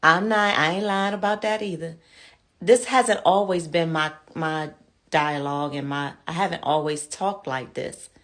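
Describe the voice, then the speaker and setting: A woman's voice: deep voice, a little slow, a bit bright. A woman in her fifties hosting her show, talking candidly and casually to her viewers as friends, calling them y'all. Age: 50s. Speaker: show host.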